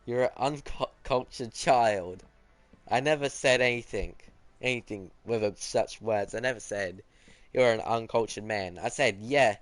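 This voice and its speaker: A man's voice: medium pitch, measured pace, no echo. A teenage boy streaming a game, chatting casually and teasingly as he answers his viewers. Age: teens. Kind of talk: casual chat while gaming.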